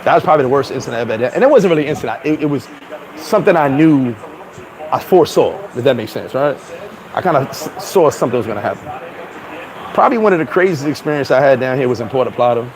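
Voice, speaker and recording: A man vlogging outdoors, telling a story in a loose, animated way, swearing and acting out other people's voices. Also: medium pitch, fast talker, rough recording. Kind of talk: casual storytelling to camera. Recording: street crowd noise behind.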